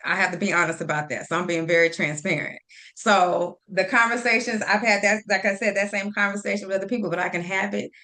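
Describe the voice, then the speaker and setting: A woman guest on a faith talk show who speaks directly and acts out her pep talks with a friend in an animated way. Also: mid-range voice, quick pace. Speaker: podcast guest.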